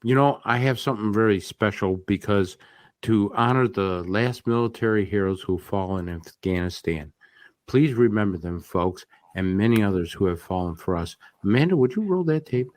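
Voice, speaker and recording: A man's voice: on the low side, lively intonation, moderate pace, no room sound. A man co-hosting a radio show, chatting casually and reading news with folksy joking asides.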